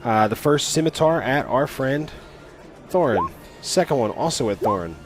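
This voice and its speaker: A man's voice: medium pitch, lively intonation, normal speed, over music. A man narrating as dungeon master in casual, hesitant talk full of fillers. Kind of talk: narrating a tabletop game.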